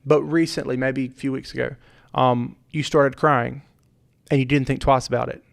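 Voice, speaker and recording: A man's voice: mid-range voice, steady tone, normal speed, creaky. A middle-aged man, a pastor and podcast host, talking earnestly in a heartfelt conversation and repeating points with preacherly emphasis.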